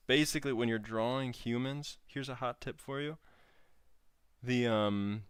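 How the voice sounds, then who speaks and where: A man's voice: on the low side, a bit bright, clear, resonant tone, no echo. A young man casually talking viewers through his drawing on a livestream, easygoing and chatty as he works. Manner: easygoing, chats with viewers while working. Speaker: streamer teaching drawing. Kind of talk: laid-back livestream drawing commentary.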